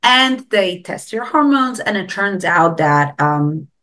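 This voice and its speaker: A woman's voice: mid-range voice, lively intonation, slow pace, pushed and bright. A middle-aged woman speaking as a guest expert in an interview, explaining things earnestly and stressing her key advice.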